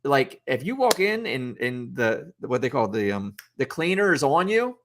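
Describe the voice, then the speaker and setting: A man's voice: mid-range voice, sing-song, normal speed, a bit bright. A man who coaches youth football, talking through leadership in a loose, unscripted podcast debate, with lots of restarts and acted-out coach quotes. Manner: rambling, many restarts, acts out coach quotes.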